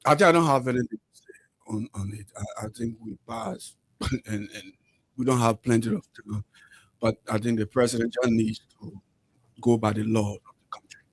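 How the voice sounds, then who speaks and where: A man speaking briefly and quietly as a radio panelist. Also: mid-range voice, animated, normal speed, vocal fry, breathy edge, dry recording, low-quality recording.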